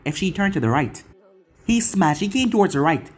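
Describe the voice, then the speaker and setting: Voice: mid-range voice, lively intonation, fast talker, slightly rough, soft background music. A narrator reading an action fan fiction story in long run-on sentences. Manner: run-on storytelling with a casual aside to viewers.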